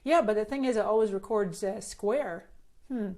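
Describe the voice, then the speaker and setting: A woman's voice: mid-range voice, moderate pace, warm tone. A middle-aged woman with a Scottish-Canadian accent, chatting bubbly and casually on a live stream and answering viewer comments, filmed on a phone on a selfie stick. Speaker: social media marketing host.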